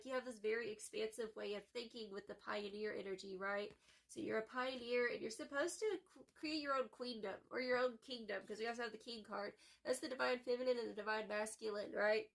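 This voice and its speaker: A woman giving a casual tarot reading, chatty and excitable, swearing freely and calling viewers boo-boo. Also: fairly high pitch, gravelly. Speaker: tarot reader.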